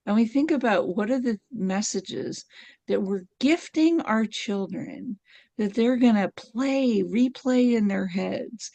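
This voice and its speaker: A middle-aged woman speaks as a podcast guest, telling her stories with animated energy and frequent laughter. Her voice has a gravelly edge and swings widely up and down in pitch. The sound is close and dry, with no room behind it. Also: no echo. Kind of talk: conversational storytelling.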